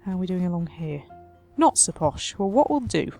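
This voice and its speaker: A woman's voice: on the low side, sing-song, moderate pace, vocal fry, mellow, soft background music. A woman hosting a city-building let's play, chatting wryly and talking to her simulated residents as she builds. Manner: chatty, wry, talks to her sims. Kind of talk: casual game commentary.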